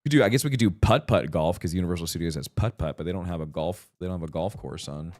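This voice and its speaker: A man's voice: low-pitched, fast talker, darkish tone. A man in his thirties hosting a livestream, chatting casually with lots of fillers, restarts and laughs. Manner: rambling, many fillers and restarts, laughs often. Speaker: livestream host. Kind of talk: casual chat with chat readers.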